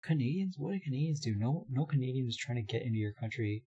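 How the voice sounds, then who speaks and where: A hoarse young man streaming live, chatting casually, reading his chat aloud and laughing often. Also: mid-range voice, lively intonation, fast, mellow, muffled recording.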